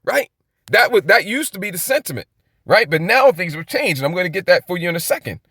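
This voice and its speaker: High-voiced man teaching Bible prophecy. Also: sing-song, fast, pushed and bright, breathy edge, no echo. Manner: repeats "okay?" often, rhetorical and emphatic. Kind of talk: casual Bible commentary.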